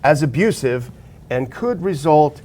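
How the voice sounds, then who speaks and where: A man's voice: fairly high pitch, animated, measured pace, a little mellow. A man co-hosting a political talk show, reading news articles aloud and adding blunt remarks of his own. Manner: reads article quotes and adds blunt remarks. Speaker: show co-host.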